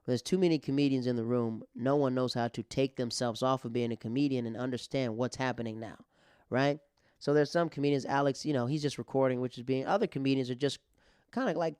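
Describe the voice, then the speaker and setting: A man's voice: medium pitch, a little mellow, smooth, no room sound, studio quality. A male comedian and podcast host telling a casual, rambling story with many restarts and fillers.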